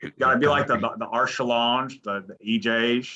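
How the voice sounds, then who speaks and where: A man's voice: mid-range voice, steady tone, fairly quick, pushed and bright, muffled recording. A man doing an impression of an older male basketball coach giving a repetitive pep talk, calling his players fellas.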